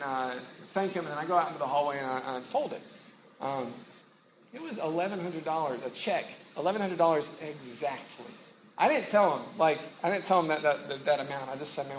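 A man's voice: a little high, roomy sound, background noise. A middle-aged man preaching in a casual, conversational way, with many fillers and restarts. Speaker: campus ministry pastor. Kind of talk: sermon.

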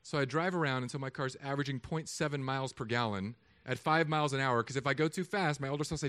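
A man in his thirties, a pastor, preaching a sermon with animated, humorous storytelling. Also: medium pitch, quick pace, hardly any pauses.

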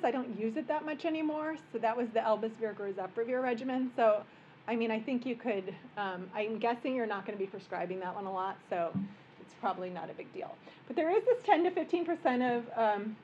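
A woman, a physician giving a relaxed, joking medical workshop lecture in a conference room. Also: fairly high pitch, lo-fi sound, slight background noise. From American Midwest. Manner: conversational and joking, explaining plainly.

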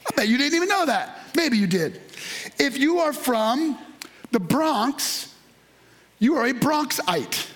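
A man preaching a sermon, with emphatic repetition, building to shouts and leading the congregation in call-and-response. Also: very high voice, very animated, slow. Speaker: pastor.

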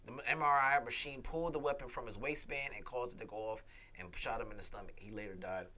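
A man's voice: mid-range voice, steady tone, fast talker, sharp tone. A man in his forties hosting a call-in talk show, bantering casually and playfully with plenty of swearing. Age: 40s. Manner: profane, playful, reads news stories aloud.

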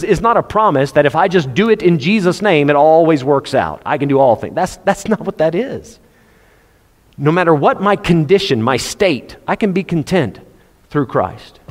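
A man preaching a sermon, speaking conversationally and quoting scripture in King James wording. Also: fairly high pitch. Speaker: pastor. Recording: long hall reverb.

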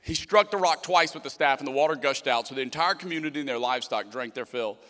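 A young man preaching a sermon as pastor, animated and acting out voices in the quotes he tells. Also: medium pitch, fast talker. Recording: long hall reverb.

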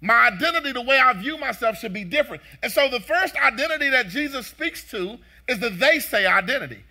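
A man's voice: extremely high pitch, animated, fairly quick, sharp tone. A male pastor preaching a sermon with fervent, repeated emphatic phrases, speaking straight to his congregation.

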